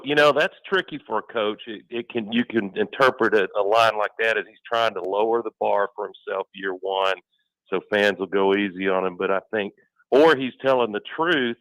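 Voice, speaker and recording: A man's voice: on the low side, normal speed, a bit bright, no room sound, low-quality recording. A man co-hosting sports radio in casual talk, analytical and fond of building vivid game scenarios.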